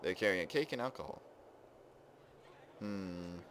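A man giving casual let's play commentary, excitably exclaiming and narrating what he does in the game. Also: sits low, measured pace, a little hiss or hum. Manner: excitable, exclaims and narrates his own actions. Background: game music.

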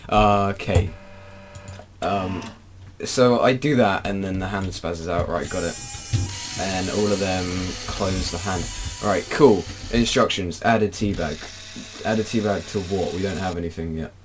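A young British man giving playful Let's Play commentary, breaking into frustrated shouts. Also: low-pitched, a little slow, background noise. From Britain. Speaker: gaming YouTuber.

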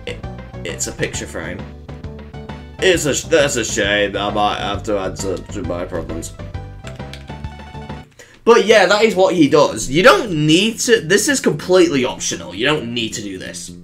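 A man commentating on his own gameplay in an excitable way, yelping and reeling off strings of "no". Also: medium pitch, unhurried, long pauses. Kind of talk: let's play commentary. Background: faint game music.

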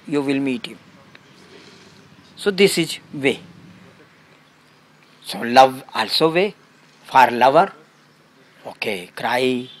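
A man as a spiritual teacher, giving a satsang talk and telling a story in simple, broken English with short, halting phrases. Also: mid-range voice, a bit bright.

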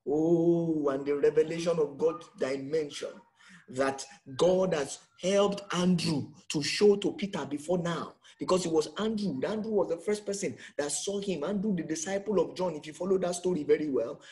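A man preaching a sermon, acting out quotes and swinging between shouts and hushed lines, repeating words for emphasis. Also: a little high. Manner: dramatic, swings from loud to hushed, acts out quotes.

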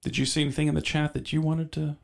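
A man hosting a live stream in a relaxed, easygoing way, prompting his guest with questions. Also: a little high, fast talker, vocal fry. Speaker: stream host. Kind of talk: casual stream chat.

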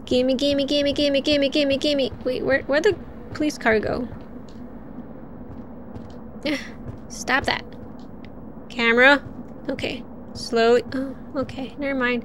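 A woman's voice: high voice, slight background noise. A young woman streaming a horror game, chatting casually, laughing often and talking back to the game. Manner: chatty, giggly, talks to the game. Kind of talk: casual gameplay commentary.

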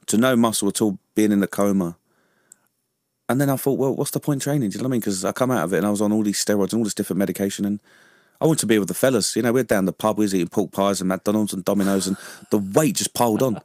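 A fairly low, darkish voice belongs to a veteran guest from London who talks chattily in a casual radio studio interview. He often laughs and keeps asking "you know what I mean?", in a dry, studio-quality recording.

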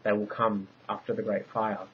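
A man reading a story aloud, voicing a grave female oracle who speaks in solemn, measured prophecies. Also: fairly low pitch, flat delivery, a little hiss or hum, lightly acted. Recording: dull lo-fi recording.

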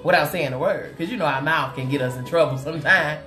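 A woman's voice: low-pitched, fast. A woman hosting a live makeup tutorial, chatting with her viewers as she works and calling them honey and sugar. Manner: animated and chatty, greets viewers with terms of endearment. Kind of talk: live-stream chat with viewers while demonstrating makeup. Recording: roomy echo with faint music behind.

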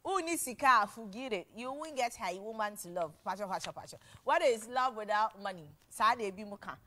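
A woman's voice: medium pitch, animated, brisk, bright, forceful tone. A young woman with a Ghanaian accent hosting a TV talk show, chatting casually and animatedly, laughing often and switching languages. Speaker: TV show host. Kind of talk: casual chat mixing English and Twi.

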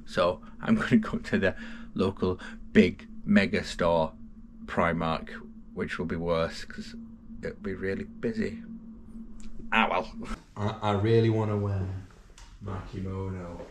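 A man's voice: low voice, little pitch movement, unhurried, pauses often, a little hiss or hum. A British man casually vlogging his day, chatty and self-mocking, with playful sing-song asides. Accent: British English. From Britain. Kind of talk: casual vlog chat.

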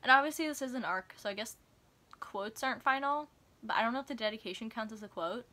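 Bright, gushing woman book vlogger. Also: on the high side, fast talker. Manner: gushing, excitable, chatty. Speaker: book reviewer. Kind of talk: casual vlog review.

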